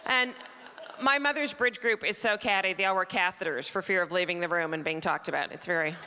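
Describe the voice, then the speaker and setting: A woman's voice: lowish voice, fairly quick, sharp tone. A Canadian woman in her forties doing a chatty, self-mocking stand-up set on a theater stage, teasing the crowd. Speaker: stand-up comedian. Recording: live theater recording, long hall reverb, faint crowd noise.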